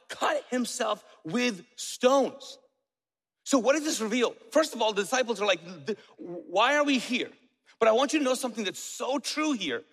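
A lively sermon comes from a male pastor with a high voice who asks his congregation questions and drops in joking asides. The church hall's long reverb rings around him.

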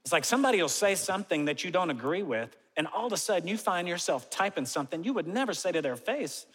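A pastor in his forties giving a conversational sermon, animated, with self-mocking asides. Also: fairly high pitch, fast, hardly any pauses, long reverb tail, poor audio. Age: 40s.

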